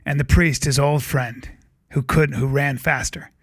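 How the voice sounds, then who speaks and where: A man talking as a podcast guest, telling a film story in an animated way and acting out the characters' lines. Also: mid-range voice, a little slow, no echo, studio quality. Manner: acts out film scenes with shouted voices.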